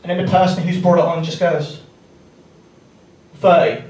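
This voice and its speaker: A man's voice: high-pitched, little pitch movement, fast, very noisy. A man doing stand-up comedy, laddish and swearing, laughing along with his own jokes. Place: theatre stage before a live audience. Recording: roomy theatre sound from a distant mic, loud audience. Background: audience laughter.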